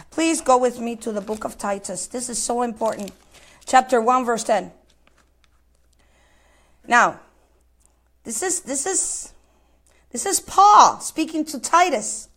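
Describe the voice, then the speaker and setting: A woman preaches a sermon in a high voice. She talks with fervor, repeats herself often and reads scripture aloud between her own remarks. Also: lively intonation, takes it slowly, long pauses, fairly bright tone. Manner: impassioned preaching with repetitions and quoted scripture. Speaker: pastor.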